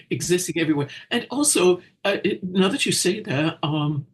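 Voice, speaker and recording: A man's voice: high voice, animated, moderate pace. A man co-hosting a casual spiritual discussion, talking in a thoughtful, hesitant way.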